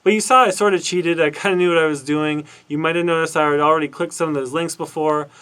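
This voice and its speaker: A man's voice: a little high, steady tone, quick pace, fairly bright tone, clear, resonant tone. Man lecturing casually with many fillers. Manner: thinks aloud with many fillers and restarts. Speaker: university lecturer. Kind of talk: casual recorded lecture walking through documentation.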